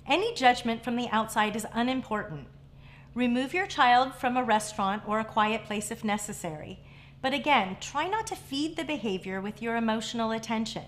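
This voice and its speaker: A middle-aged woman, a family therapist hosting a parenting show, giving scripted advice in a calm, measured, reassuring way. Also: on the high side.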